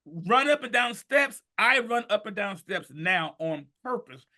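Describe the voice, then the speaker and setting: A man in his fifties telling his life story on a podcast, animated and emphatic, sometimes rising to a shout. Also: high-pitched, a little slow. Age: 50s. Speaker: podcast guest. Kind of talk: storytelling in conversation.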